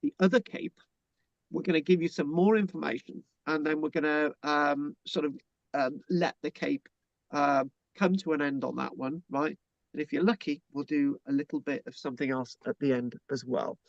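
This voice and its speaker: A man's voice: on the high side, moderate pace, creaky, no room sound, muffled recording. Chatty British man lecturing online. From Britain. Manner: chatty, joking, frequent restarts. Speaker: lecturer hosting an online class. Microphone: video call.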